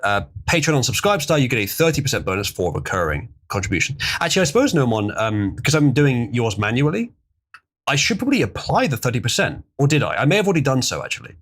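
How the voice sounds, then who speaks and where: A man's voice: mid-range voice, big pitch swings, quick pace, fairly bright tone. A man hosting a casual livestream, chatting loosely with chuckles as he reads out viewer donations. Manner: rambling, chuckling, reading out donations. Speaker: livestream host.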